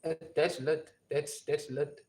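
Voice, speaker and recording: A man's voice: a little high, flat delivery, takes it slowly, a little mellow, echoey room. Young man rambling on a livestream. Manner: loose, rambling slang talk with many fillers. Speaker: livestream host. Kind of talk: casual livestream chat. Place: home, alone. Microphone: phone.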